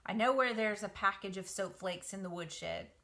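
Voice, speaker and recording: A woman's voice: mid-range voice, normal speed, sharp tone. Woman voicing a grumbling indignant barn rat.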